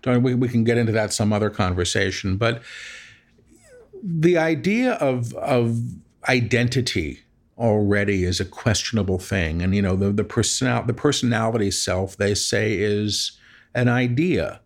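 A man's voice: fairly low pitch, normal speed. A man being interviewed about his spiritual work, telling stories in a reflective, wry way. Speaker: interview guest, spiritual channeler. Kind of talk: conversational interview.

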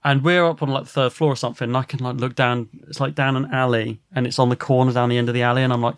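A man, a podcast host, telling a rambling, animated story and swearing a lot. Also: mid-range voice, fast talker, few pauses, clean tone, no echo, studio quality. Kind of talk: casual storytelling.

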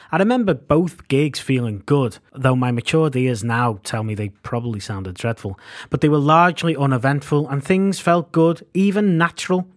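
A man, reading his own band memoir in a wry, self-mocking way. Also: mid-range voice. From Liverpool, England. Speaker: podcast host and narrator. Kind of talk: scripted memoir narration.

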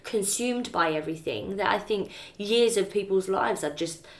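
A woman co-hosts a casual podcast. She speaks reflectively at a mid pitch, often trailing off as she works through a thought. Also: normal speed. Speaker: podcast co-host. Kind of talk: casual chat.

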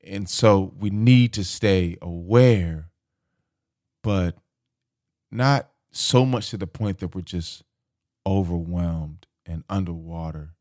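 A male podcast host talking in a relaxed, easygoing way and addressing his listeners directly. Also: sits low, slow, no room sound, studio quality. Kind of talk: casual podcast chat.

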